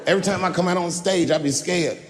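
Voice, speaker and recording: This stand-up comic works a live crowd from the stage, spinning lively stories and voicing the characters in them. He speaks quickly in a high-sitting voice, and the sound trails off in long reverb.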